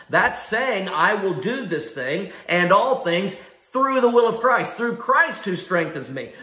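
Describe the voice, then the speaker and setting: In a church sanctuary, a man preaches a sermon emphatically, asking rhetorical questions and repeating key phrases. His voice sits high, pushed and bright, with a roomy sound.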